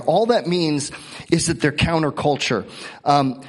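A man's voice: fairly high pitch, measured pace. A middle-aged man pastor preaching a sermon, earnest, often repeating words and coughing between phrases.

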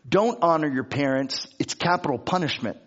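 A man's voice: a little high, expressive, moderate pace, muffled recording. Man preaching a conversational sermon. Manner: conversational, repeats and restarts words. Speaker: pastor.

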